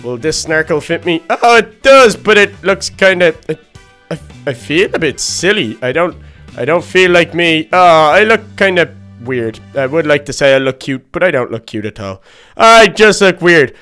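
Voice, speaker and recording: A childlike, easily flustered baby duck, voiced by a man talks himself through a Minecraft role-play, full of "oh, gosh" exclamations. The voice sits a touch high, bright and very clean. Faint music plays underneath. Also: lively intonation, moderate pace. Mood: fussy. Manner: rambling self-talk full of "oh, gosh" exclamations. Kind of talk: game role-play narration.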